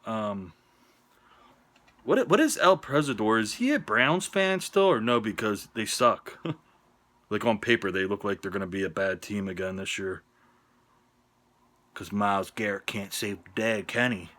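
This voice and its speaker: A man from the northern United States rants through his football picks on camera, sarcastic and heavy on the swearing. His voice is bright and edgy, and it leaps around in pitch from loud jabs to low, muttered asides. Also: lively intonation, a little slow, pauses often. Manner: profane, sarcastic rant. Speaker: sports picks vlogger. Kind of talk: ranting sports opinion vlog. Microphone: on-camera vlog mic.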